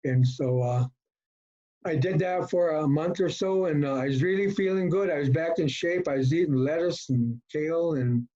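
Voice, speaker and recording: A middle-aged man from Colorado telling his personal recovery story at a meeting, folksy and halting, with many fillers. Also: fairly high pitch, dark tone. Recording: dull lo-fi talk recording.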